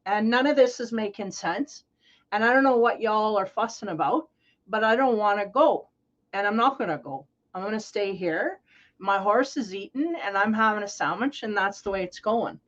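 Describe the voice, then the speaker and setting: A woman's voice: medium pitch, moderate pace, a bit bright, lo-fi sound, close to an everyday voice. Woman playing a stubborn, defiant holdout. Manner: stubborn, dismissive. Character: stubborn, defiant person refusing to move.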